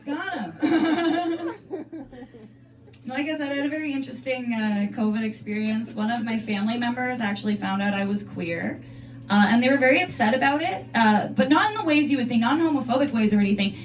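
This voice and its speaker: Girl doing standup, highish voice, giggles a lot, bit far from the mic. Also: expressive, measured pace, long pauses, echoey room, a crowd in the background, background noise. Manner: chatty, giggly, self-deprecating. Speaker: stand-up comedian. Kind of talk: stand-up comedy set. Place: comedy club stage.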